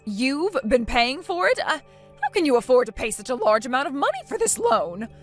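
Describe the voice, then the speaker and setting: A woman voicing a scornful mother-in-law in a text-message story, bossy and demanding, with soft music behind. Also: high-pitched, big pitch swings, brisk. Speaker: story character.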